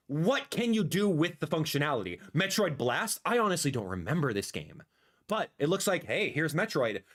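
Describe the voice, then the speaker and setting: A man in his thirties streams his live reactions in a lively, animated way, doubling back on his own phrases. His voice sits a little high for a man and swings widely in pitch. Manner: excitable, animated, repeats phrases; drops to a soft murmur when talking to his cat. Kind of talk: livestream reaction commentary.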